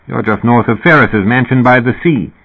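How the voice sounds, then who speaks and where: A man's voice: mid-range voice, moderate pace, husky, voice pushed up. A man voicing a genial, amused male musician with a slight British accent and a twinkling, lilting manner. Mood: breezy. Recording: tinny phone-like audio.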